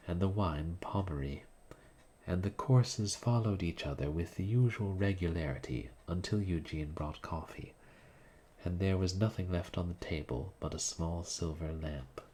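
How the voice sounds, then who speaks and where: Male reader of classic fiction, deep voice, slow measured delivery. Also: darkish tone, slightly rough. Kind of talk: reading a classic story aloud.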